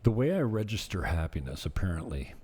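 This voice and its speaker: A man vlogging in a casual, rambling monologue, self-deprecating and drifting off topic, with a husky voice. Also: low-pitched, big pitch swings, brisk, mellow.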